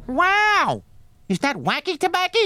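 Squeaky rowdy cartoon kid, super high and jumpy, noisy clip. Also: female voice, wildly swooping pitch, measured pace, bright, forceful tone, full character voice. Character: excitable young boy sidekick, rowdy.

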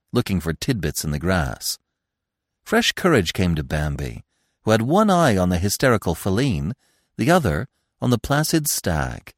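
A man with a deep voice narrates a classic story aloud, with a lively, animated reading. The sound is close and dry. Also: no echo. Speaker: audiobook narrator.

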